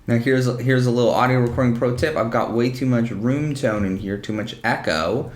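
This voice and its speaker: A man hosting a casual animation software tutorial at a desk mic, chatty and self-deprecating. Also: mid-range voice, steady tone, brisk, noisy background. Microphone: desk microphone. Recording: roomy echo in home room.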